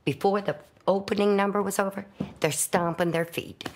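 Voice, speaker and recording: A woman's voice: mid-range voice, fairly even intonation, moderate pace. A woman giving a documentary interview, speaking emphatically and with enthusiasm. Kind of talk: reminiscing interview.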